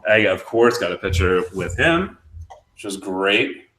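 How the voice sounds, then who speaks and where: Excitable man telling a story, echoey room. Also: low-pitched, a little slow. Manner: excitable, rambling, laughs often. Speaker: podcast co-host. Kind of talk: casual storytelling on a live stream.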